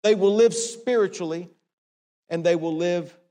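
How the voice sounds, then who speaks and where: A man preaching a sermon, emphatic and repetitive, swinging from hushed to raised. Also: high-pitched, unhurried, big-room sound. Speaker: pastor.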